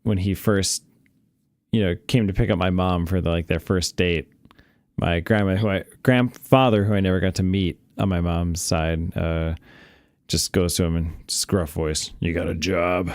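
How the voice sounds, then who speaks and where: A low-pitched man on a casual podcast, asking long, hesitant questions packed with fillers. His voice comes across dry and close, with no room sound. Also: fairly even intonation, normal speed, a little mellow, no echo. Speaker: podcast producer and regular. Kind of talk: casual chat.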